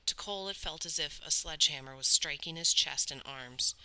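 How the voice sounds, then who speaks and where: A woman reads a novel aloud with dramatic storytelling. Her voice sits low, with a tense, sharp brightness to it. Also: brisk, smooth, poor audio. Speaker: audiobook reader. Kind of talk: read-aloud novel narration.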